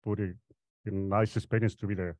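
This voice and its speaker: A man's voice: fairly low pitch, little pitch movement, normal speed, darkish tone, no echo. A Spanish-speaking man from Mexico with a Mexican accent, a roofing worker telling his story hesitantly, with a lot of "you know". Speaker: roofing worker, panel guest. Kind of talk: casual panel chat. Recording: dry, muffled audio.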